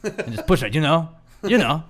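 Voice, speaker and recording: A man's voice: fairly high pitch, sing-song, normal speed, fairly bright tone. A young man co-hosting a podcast, telling stories in laid-back casual chat with many fillers. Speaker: podcast co-host.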